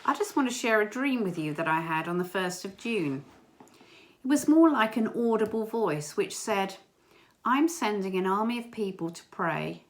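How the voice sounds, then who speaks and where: A woman giving an informal church talk, earnest and gentle, with small hesitations. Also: medium pitch. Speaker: church member sharing a prayer message.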